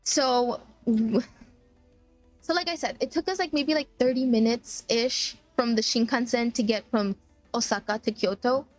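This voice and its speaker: A woman's voice: a little high, moderate pace, dry recording, soft background music. A woman streamer chatting casually about a sad trip story, tearful, laughing through tears and full of "like" fillers. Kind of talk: casual chat.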